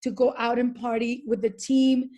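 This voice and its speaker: A woman's voice: on the high side, little pitch movement, moderate pace, warm tone. A woman team coach giving an earnest, urging motivational talk on a group call.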